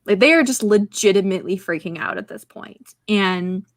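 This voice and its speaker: A woman co-hosting a podcast in casual chat, excitable and chatty, stringing her stories together with lots of "like". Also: mid-range voice, normal speed, no echo. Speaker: podcast co-host.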